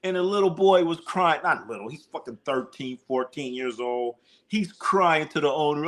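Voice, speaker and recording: A man hosting a casual sports livestream, talking in an animated, profane way and sometimes mimicking whiny crying voices. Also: a little high, moderate pace, hardly any pauses.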